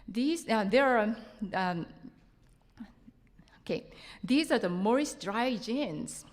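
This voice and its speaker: Japanese-accented woman, slow, chatty conference speaker, big reverberant hall. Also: fairly high pitch, lively intonation. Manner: chatty, self-joking, laughs often. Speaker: seminar speaker. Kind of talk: conference talk.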